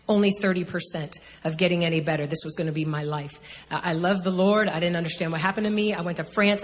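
A middle-aged woman from the United States tells her testimony in an earnest, halting voice that often stops and restarts. Her voice sits on the low side and rings out in a long hall reverb. A faint ambience runs behind her. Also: a little hiss or hum. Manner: earnest, halting, emotional storytelling. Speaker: testimony speaker. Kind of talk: personal testimony.

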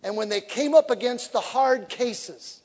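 A man preaching as an evangelist, telling stories with humor and swinging from quiet to shouting. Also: extremely high pitch, a little slow. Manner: animated storytelling with humor, shifts from quiet to shouting. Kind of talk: sermon. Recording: echoey hall reverb.

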